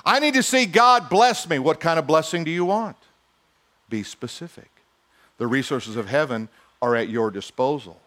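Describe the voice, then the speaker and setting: Male pastor, fairly high voice, chatty sermon with jokes and acted-out dialogue. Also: expressive, moderate pace, fairly bright tone. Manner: conversational preaching, humorous asides, acts out quoted voices.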